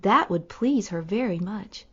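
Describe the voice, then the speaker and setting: A woman voicing an innocent, cheerful young girl in a storybook, speaking slowly and earnestly. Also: medium pitch, expressive, a bit bright, breathy edge, highs cut off. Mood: eager.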